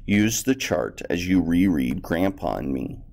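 A man's voice: deep voice, very animated, unhurried, creaky, darkish tone. A male teacher reading a textbook story aloud to students and explaining vocabulary in a plain, explanatory way.

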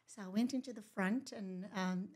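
A woman, telling her own story as a podcast guest, animated and rambling, laughing often and dropping into whispers. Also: medium pitch, normal speed. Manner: animated, laughs often, drops to a whisper for asides and remembered thoughts; rambling, with many fillers and restarts. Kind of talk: casual storytelling in a conversation.

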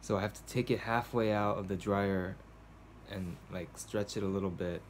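In a cold room at home, a man vlogs a casual video journal, hesitant and rambling, often restarting and using fillers. His somewhat low voice holds a steady tone at normal speed, and there's a little hiss or hum.

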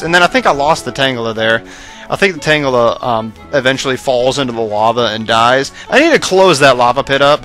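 A young man rambling casually over his gameplay footage, self-mocking and prone to excited outbursts, his voice tiring late at night. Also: a little high, normal speed, soft background music. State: voice going hoarse late at night. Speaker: let's play host.

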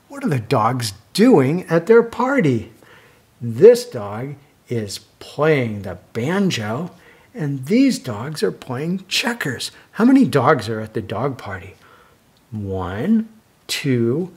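An older man reading a children's picture book aloud, slow and lively, stopping to ask young listeners questions. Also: fairly high pitch, breathy edge.

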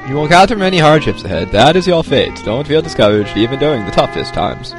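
A man's voice: medium pitch, big pitch swings, fast, music in the background. A man reading aloud the lines of a wise, long-winded old owl guide in a video game, in a plain read-aloud delivery. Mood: instructive.

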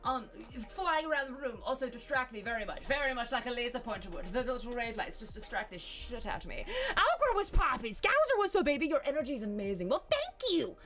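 A woman streamer chatting casually and loudly on a live stream, greeting viewers with a bubbly, giggly energy. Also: a little high, expressive, fast, hardly any pauses, soft background music.

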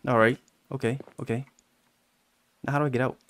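A man hosting a gaming channel, giving casual commentary on a horror game and yelping high when he gets scared. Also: fairly even intonation, fairly quick, fairly bright tone, no echo. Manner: talks to game characters jokingly.

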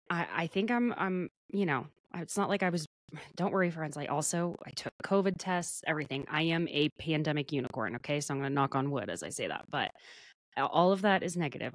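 A woman's voice: low-pitched, no echo, clean studio sound. Chatty woman host with a slight cold. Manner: chatty, laughing often. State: under the weather, sore throat. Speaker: podcast host. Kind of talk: casual chat.

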